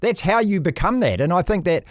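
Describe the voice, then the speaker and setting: Lively high-voiced New male host. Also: brisk, dry recording, studio quality. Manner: enthusiastic, agreeable, chatty with restarts. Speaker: podcast host. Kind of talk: casual chat.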